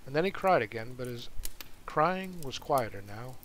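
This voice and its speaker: A man reads a fantasy novel aloud, earnest and unhurried. His voice sits at an ordinary male pitch. A faint hiss runs under the recording. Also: animated, a bit bright, rough recording. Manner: earnest reading, with asides to listeners. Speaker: audiobook reader.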